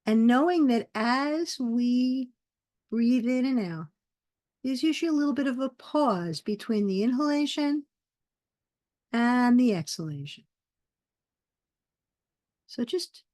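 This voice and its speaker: Woman meditation teacher on a video call, unhurried and soothing, slightly high voice, dry sound. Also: no room sound. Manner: slow, soft, soothing guidance with pauses. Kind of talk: guided meditation class.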